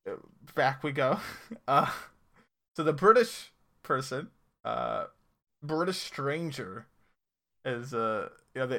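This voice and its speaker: On a podcast, a male co-host goes over a TV episode in a casual, rambling way, frequently correcting himself and laughing. His voice is mid-range with a sharp tone.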